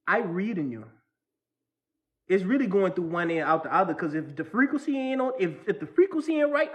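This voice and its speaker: High-voiced man in a slangy spiritual rant. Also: a bit bright. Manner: slangy, repetitive, restarts often, laughs at own jokes. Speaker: vlogger. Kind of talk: casual spiritual rant to camera.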